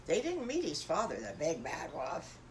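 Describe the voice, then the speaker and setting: An older woman, a grandmother telling a bedtime story in a gentle, homey, folksy way. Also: low voice, huge pitch swings, normal speed, a little hiss or hum.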